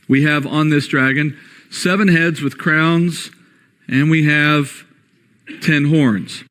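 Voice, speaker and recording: A man's voice: on the high side, steady tone, takes it slowly, fairly bright tone. A man giving a lecture-style Bible study, posing rhetorical questions and checking in with listeners. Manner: rhetorical questions, frequent "all right?" checks. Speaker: Bible teacher.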